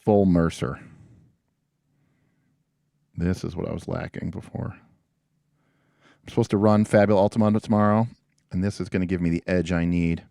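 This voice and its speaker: A man's voice: low voice, fairly even intonation, moderate pace, vocal fry, pauses often, warm tone, no echo, clean studio sound. A man hosting a livestream in casual, rambling chat with a self-deprecating, jokey manner. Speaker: livestream host.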